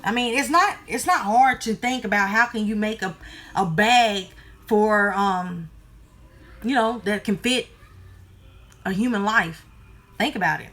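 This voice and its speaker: Woman vlogger, casual talk to camera, blunt and exasperated, cusses a lot, mid-pitched voice. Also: measured pace, pauses often, fairly bright tone. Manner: irritated and blunt, swears freely; talks straight to viewers as y'all.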